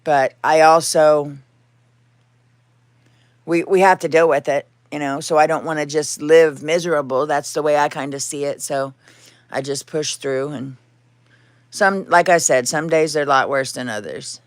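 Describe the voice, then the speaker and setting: A woman's voice: sits low, normal speed, no room sound. Female streamer, casual and candid, dry room, occasional cat. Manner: rambling, candid, talks to her cats and chat. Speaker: livestream host. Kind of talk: casual livestream chat. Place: home.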